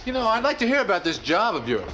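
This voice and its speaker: A man's voice: high-pitched, wildly swooping pitch. An actor playing a sarcastic, wisecracking man in a sitcom. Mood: casual. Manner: sarcastic, quick. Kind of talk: sitcom acting. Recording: noisy TV clip.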